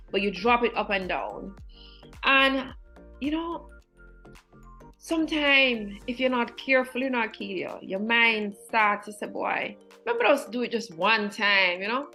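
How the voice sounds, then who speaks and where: A woman's voice: fairly high pitch, sharp tone, low-quality recording. A woman guest educator telling personal stories in an earnest, heartfelt, faith-filled way, emotional and near tears.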